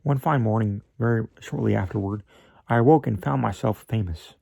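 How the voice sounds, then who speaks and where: A man narrating a classic story in a measured, slightly theatrical way, with an occasional slip of the tongue. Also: on the low side, vocal fry, dark tone, husky, no room sound. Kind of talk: amateur reading of a classic story.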